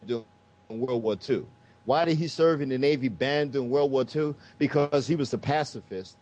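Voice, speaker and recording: A man's voice: medium pitch, darkish tone. A man giving a heated, profane political rant as the host of a talk show, speaking with emphatic force. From United States. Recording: dull lo-fi sound.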